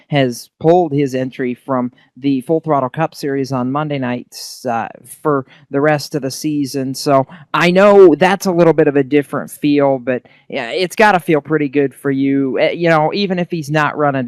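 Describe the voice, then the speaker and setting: A man's voice: medium pitch, clear, resonant tone, no room sound. A man doing victory lane interviews on an online racing broadcast, upbeat and chatty, asking long questions.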